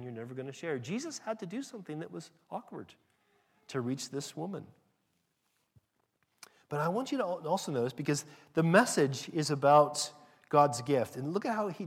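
A man with an American accent preaching a sermon in a lively, conversational way, often restarting sentences and acting out little exchanges. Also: on the high side, husky. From California. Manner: animated, conversational preaching with restarts and acted asides. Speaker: pastor.

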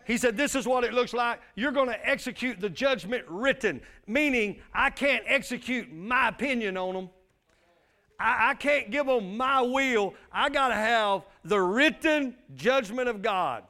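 A man's voice: extremely high pitch, measured pace, pushed and bright. A male pastor, preaching a sermon with emphatic call-and-response.

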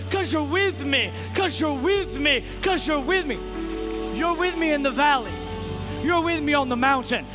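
A man preaching a fervent sermon to a congregation in a church, building through repeated declarations. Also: very high-pitched. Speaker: pastor. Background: music.

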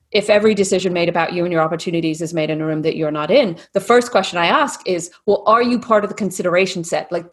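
A woman with a blended British and Texan accent that sounds Australian, speaking as a podcast guest in a lively, animated way. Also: medium pitch, breathy edge. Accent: mixed British and Texan, sounds Australian. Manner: lively, animated storytelling with put-on voices. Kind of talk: casual podcast interview.

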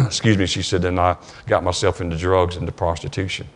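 A man with a Southern US accent preaching a sermon in church, telling a story with many restarts and repeated words. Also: low voice. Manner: halting, repeats words, retells dialogue. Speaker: pastor. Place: church sanctuary.

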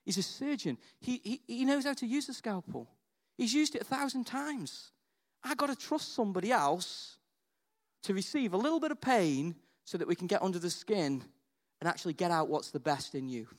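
A man preaching a sermon, telling a story in a chatty, animated way, dropping to hushed asides and rising to excited near-shouts, with frequent "right?" and "okay?". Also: high-pitched, normal speed.

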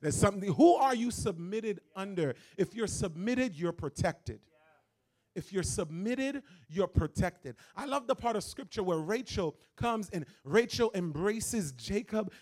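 A man's voice: sits high, animated, normal speed, darkish tone. A young man of Haitian background in his twenties, preaching a sermon as a guest pastor with emphatic, repetitive phrasing. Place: church.

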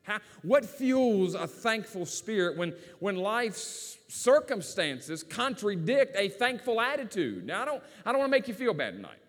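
A man's voice: sits high, very animated, unhurried, hardly any pauses. A man with a rural Virginia accent, preaching a sermon in a folksy, storytelling way. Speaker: pastor. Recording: long hall reverb.

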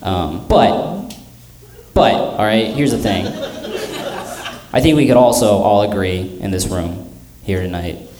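A man's voice: on the low side, slow, long pauses, noisy background. A young man doing a stand-up set in a theater, rambling and poking fun at himself with lots of filler words. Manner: rambling, self-mocking, filler-heavy delivery. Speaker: stand-up comedian. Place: theater stage before a live audience. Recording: roomy live theater with audience. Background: audience laughter and claps.

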